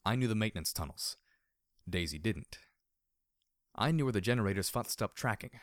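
A man's voice: fairly low pitch, lively intonation, normal speed, no room sound. A man reading first-person fiction aloud as an audiobook narrator, reflective with a dry, sardonic edge.

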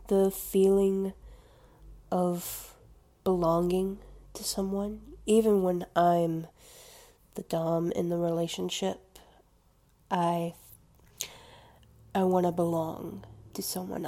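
A woman in an intimate confessional monologue, talking to her listeners slowly and with many pauses. Her voice is mellow and dark with a gravelly fry. She hesitates and restarts, often sinking into soft whispers. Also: on the low side.

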